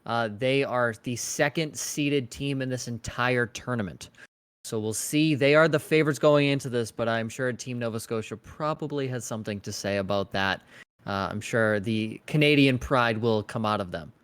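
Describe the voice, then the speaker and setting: Male co-caster, mid-pitched, rambling and hesitant commentary. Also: moderate pace, clear, resonant tone. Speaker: esports co-caster. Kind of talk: esports match commentary.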